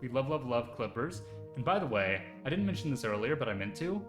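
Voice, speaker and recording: Excitable male streamer in an echoey room. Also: medium pitch, brisk. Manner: chatty and excitable, rambling with lots of fillers. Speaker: VTuber streamer. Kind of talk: casual live-stream chat. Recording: echoey room with faint music behind.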